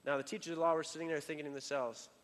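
A man preaching a sermon in a casual, conversational way, full of fillers and restarts, building up and then dropping to a quiet emphasis. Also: fairly high pitch, level tone, rapid-fire, long reverb tail. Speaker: pastor.

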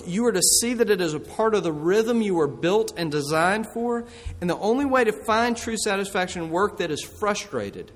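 Pastor, male, high voice, earnest sermon delivery, long hall reverb. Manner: earnest preaching with slowed emphatic phrases.

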